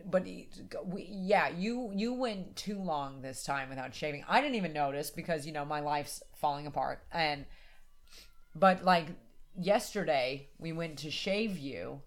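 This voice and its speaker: A woman's voice: deep voice, normal speed. A woman from the United States, chatting casually as a podcast co-host, rambling and filling her talk with "like.". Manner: rambling, lots of "like" and hedging. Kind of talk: casual chat.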